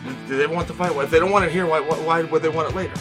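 A man's voice: fairly high pitch, steady tone, over music. A man hosting his own show, giving blunt, opinionated commentary and firing off rhetorical questions. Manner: rapid-fire rhetorical questions; emphatic and blunt. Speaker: host.

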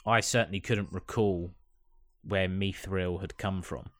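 Slow, deep-voiced hesitant man. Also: fairly bright tone, no room sound, clean studio sound. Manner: hesitant, halting, repeats words. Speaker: podcast co-host. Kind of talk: casual chat.

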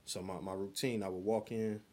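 A man chatting on a podcast, telling an animated, profane work story full of slang. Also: fairly low pitch, brisk. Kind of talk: casual podcast chat.

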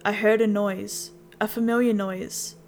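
A woman narrating a first-person horror story in a steady storytelling voice. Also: mid-range voice, unhurried, a little hiss or hum. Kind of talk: scripted scary story narration.

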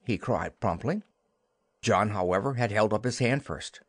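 A man narrating a classic children's novel as an audiobook, in an expressive storytelling manner. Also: lowish voice, unhurried, husky, no echo, studio quality.

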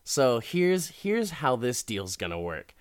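A man's voice: medium pitch, big pitch swings, slow, smooth. A man voicing a smug, obsessive rich man who boasts while he blackmails. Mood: gloating.

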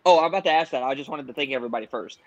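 A man's voice: mid-range voice, very fast, dull audio, a loud crowd. A man moderating a livestream debate, easygoing and reading out viewer super chats. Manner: easygoing, filler-heavy.

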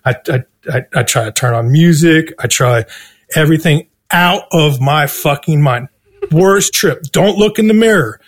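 A man, a guest, telling a story in casual, profanity-laden talk and acting out his own quoted lines with animated swings. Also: fairly high pitch, moderate pace. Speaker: guest musician.

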